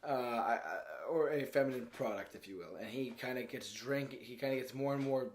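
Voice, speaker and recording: A man talks through a movie in a loose, rambling review, hunting for words and breaking into laughter. His voice sits at an ordinary middle pitch for a man. The recording has a noticeable roomy echo. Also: brisk.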